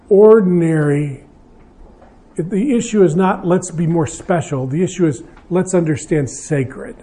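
An older male pastor speaking to a gathered audience at an evening marriage seminar. His voice sits a little higher than most men's but has a mellow, warm tone. He talks conversationally, joking at his own expense and often restarting his sentences. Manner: conversational, self-deprecating, with frequent restarts.

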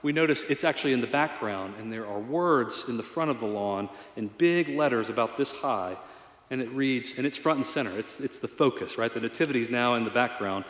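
In a church sanctuary, a male pastor preaches with a medium-pitched, slightly bright voice at a brisk pace. His tone is conversational and earnest, with a touch of self-deprecation, and the recording carries echoey hall reverb.

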